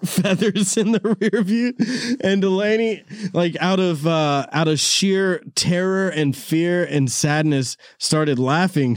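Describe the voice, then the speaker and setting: Man, laid-back podcast host, slightly high voice, laughs through stories, swears, dry close mic. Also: dry recording. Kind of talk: casual storytelling chat. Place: studio room. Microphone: studio mic with cord.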